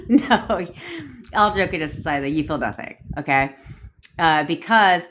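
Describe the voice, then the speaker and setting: A woman's voice: low voice, a little slow, fairly bright tone, a little hiss or hum. A woman coaching on a livestream, blunt and profane, firing rhetorical questions at viewers. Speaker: manifestation coach. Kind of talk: livestream rant answering viewer comments. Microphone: phone livestream.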